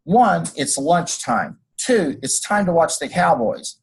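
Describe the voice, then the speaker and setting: A man's voice: fairly high pitch, very animated, takes it slowly, slightly rough, low-quality recording. A man teaching a class over a screencast, walking through code and drifting into folksy personal stories. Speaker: college instructor. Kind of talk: screencast lecture.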